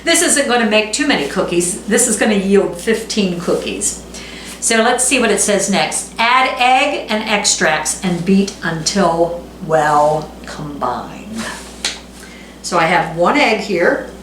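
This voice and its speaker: Reading recipe steps aloud in a casual home cooking video, a middle-aged woman pokes fun at herself as she goes. Her medium-pitched voice is fairly bright and lively, a little slow, with slight hiss or hum over an echoey kitchen where dishes clatter.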